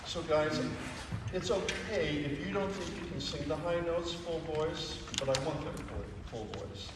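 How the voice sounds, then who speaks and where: A man leading a choir rehearsal, patient and encouraging, who pokes fun at his own singing. He sounds far from the mic in a large hall with a long reverb tail. Steady background noise sits underneath his voice. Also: a little high, measured pace. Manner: encouraging, self-deprecating, explains patiently. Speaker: choir conductor.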